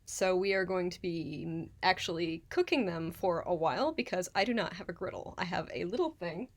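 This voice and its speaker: A woman hosts a live cooking stream from her apartment kitchen, talking in a loose, chatty, rambling way and greeting viewers by name. Her voice sits at a middle pitch. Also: noisy background. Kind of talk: casual live-stream chat.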